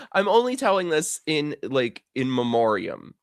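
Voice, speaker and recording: A man's voice: on the high side, sing-song, unhurried, no room sound, studio quality. A young man hosting a casual livestream, telling a story and breaking into giggly laughter. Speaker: show host.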